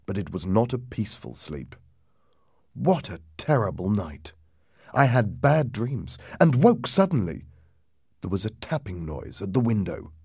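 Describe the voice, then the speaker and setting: A man narrating a ghost story aloud in a lively, dramatic reading that drops low and hushed for suspense. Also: slightly rough, no echo, clean studio sound.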